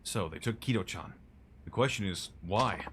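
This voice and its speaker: A man voicing a calm, cool male moneylender boss in a game, in a low, quiet, laid-back tone. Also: normal speed, natural voice. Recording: noisy stream audio.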